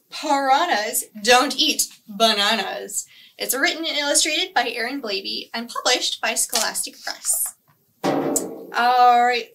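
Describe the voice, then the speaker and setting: A woman librarian leading a children's storytime, sing-song and animated as she speaks to young kids. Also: a little high, far from the mic.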